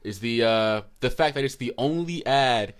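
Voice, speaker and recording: A man's voice: medium pitch, moderate pace, clean tone. A young man co-hosting a podcast, laid-back and chatty, with teasing quips. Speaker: podcast co-host. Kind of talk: casual chat.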